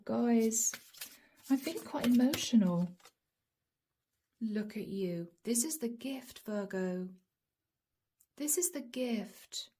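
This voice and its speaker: Soft-spoken husky woman reading tarot. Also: fairly high pitch. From Europe. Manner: soft, emotional, often drops to a whisper. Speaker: tarot reader.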